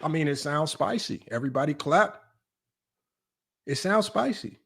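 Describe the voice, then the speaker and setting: A young man talking off the cuff on a home livestream, reading out viewer messages. He is mocking and animated, and his slightly high voice jumps even higher when he can't believe what he's hearing. He sounds close to a desk microphone. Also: moderate pace, vocal fry, heavy background noise. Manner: animated, mocking, rises sharply when incredulous. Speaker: sports talk livestream host. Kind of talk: casual livestream chat reading super chats.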